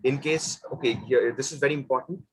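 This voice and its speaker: A man's voice: mid-range voice, brisk, breathy edge, low-quality recording. A man hosting an online club meeting, upbeat, encouraging and playful with the members. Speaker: meeting host.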